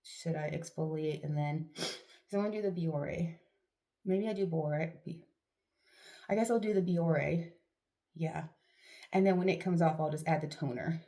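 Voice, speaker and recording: A woman's voice: sits low, unhurried, long pauses, dark tone. A middle-aged woman vlogging at home, chatting casually to camera with rambling, self-deprecating asides and a sniffly nose. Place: at home, doing a face mask.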